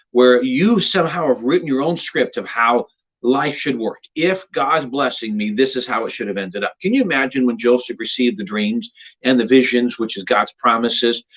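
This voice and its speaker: A male pastor delivering a devotional sermon in an earnest way, rising to emphatic peaks and dropping to a near hush. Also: mid-range voice, highs cut off. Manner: earnest, builds to emphatic rises then drops to a hush.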